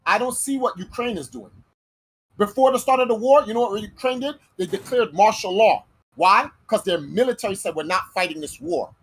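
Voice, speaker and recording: A woman's voice: a little high, moderate pace, husky, low-quality recording. A woman hosting a podcast in casual chat, talking bluntly and heatedly with plenty of swearing. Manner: heated, blunt and profane, arguing a point. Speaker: podcast host.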